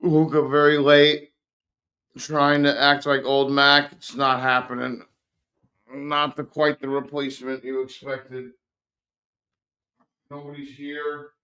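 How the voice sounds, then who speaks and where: A man's voice: medium pitch, little pitch movement, slow pace, pauses often, bright, forceful tone. A man in his fifties hosting a livestream, rambling casually and retelling his own thoughts. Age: 50s. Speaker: host of a livestream. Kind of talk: casual chat to viewers.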